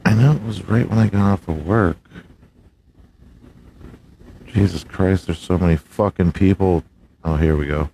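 A man's voice: deep voice, fairly quick, mellow, breathy edge. A man hosting a casual solo podcast who jokes and swears freely, slipping into a mock race-announcer voice. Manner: profane, joking, swings into a big announcer voice. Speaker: podcast host.

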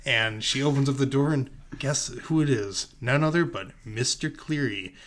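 A man's voice: medium pitch, moderate pace, a bit bright. A man telling an improvised comic movie story in a rambling way, full of fillers.

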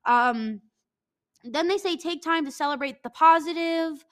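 A woman's voice: high-pitched, unhurried. A woman in her twenties with a stuffy nose, talking casually and reading from an article, rambling, profane and self-mocking, with lots of "like.". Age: 20s.

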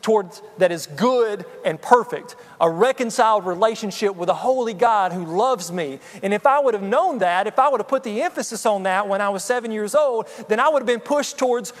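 Earnest high-voiced man preaching in a hall. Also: brisk, few pauses. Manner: earnest, personal, addresses the congregation with frequent "okay?". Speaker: pastor. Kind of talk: sermon.

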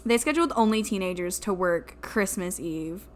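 A woman's voice: mid-range voice, expressive, moderate pace. A young woman co-hosting a podcast in a casual chat, wry and profane as she jokes about old jobs. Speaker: podcast co-host. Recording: faint background noise.

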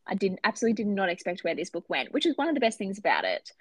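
A woman co-hosting a casual book podcast, animated and gushing, swearing freely as she talks. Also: medium pitch, very fast, slightly rough, no echo. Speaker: podcast co-host.

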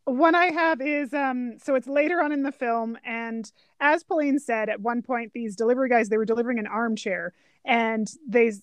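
A woman with a fairly high voice recounts film scenes in a quick, easy flow and laughs along. The recording is dry and close. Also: no echo. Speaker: podcast co-host. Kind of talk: casual film discussion.

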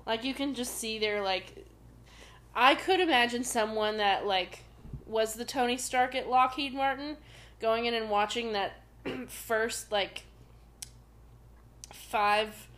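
A woman co-hosts a casual podcast, trading quick backchannels and joking asides. Her voice sits somewhat high. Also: fairly bright tone. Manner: chatty, quick backchannels and jokes. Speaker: podcast co-host.

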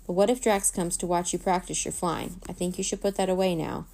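A woman voicing a cheerful, bossy little male pet bat with a squeaky, coaxing manner. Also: a little fast, vocal fry, mellow. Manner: encouraging, coaxing.

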